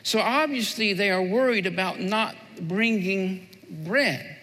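A man's voice: sits high, slow pace, sharp tone, long reverb tail, poor audio. A man preaching a sermon and praying, earnest and repeating key phrases for emphasis. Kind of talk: sermon with prayer.

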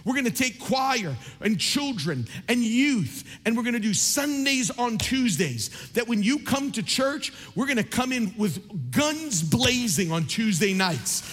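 Pastor guy preaching hard, real high voice, big echoey church hall. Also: big pitch swings, measured pace, few pauses, fairly bright tone, soft background music. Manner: preaching with rising fervor, rhetorical questions. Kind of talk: sermon. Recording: long reverb of a large hall.

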